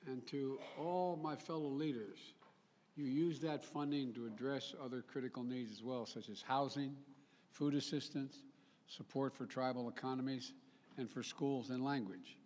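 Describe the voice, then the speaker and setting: A man's voice: medium pitch, darkish tone. A man giving a formal public speech as a national leader, emphatic, with repetitions, restarts and joking asides. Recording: long reverb.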